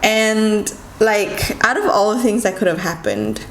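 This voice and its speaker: A young-sounding woman tells a story to camera in a casual vlog. She talks fast and animatedly, full of "like" fillers. The room is echoey, with a faint hum of ambient noise behind her. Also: medium pitch, big pitch swings. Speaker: vlogger.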